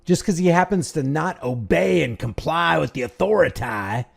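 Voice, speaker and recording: A man's voice: a little high, expressive, normal speed, creaky. A man giving indignant, sarcastic commentary over a video he is reacting to.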